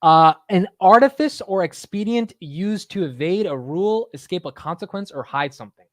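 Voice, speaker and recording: On a live market stream, a man with a high, expressive voice chats loosely at a moderate pace, cracking self-deprecating jokes and saying "dude" constantly. It's casual livestream talk, with no echo in the recording.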